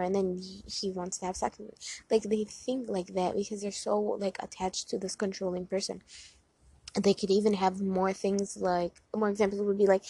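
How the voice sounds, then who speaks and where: A young woman talks straight to her viewers with a slightly husky, breathy voice. Her pitch sits in a middle range for a woman. The sound is dry and close. Her delivery is casual and earnest, with frequent filler words as she gives relationship advice. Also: flat delivery, normal speed, mellow, no echo. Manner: chatty, earnest, many "like" fillers. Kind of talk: casual talk to camera.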